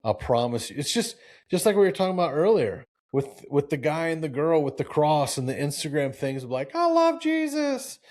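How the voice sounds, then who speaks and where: A man in his forties hosting a live talk show, preachy and animated, with lots of restarts and acted-out quotes. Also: a little high, brisk. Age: 40s. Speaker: show host.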